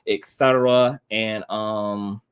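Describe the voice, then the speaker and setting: A man's voice: lowish voice, steady tone, slow pace, clear, resonant tone. A man in his thirties hosting a livestream, talking heartfelt and tearful, repeating himself and swearing often. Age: 30s. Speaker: livestream host. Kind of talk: emotional livestream chat.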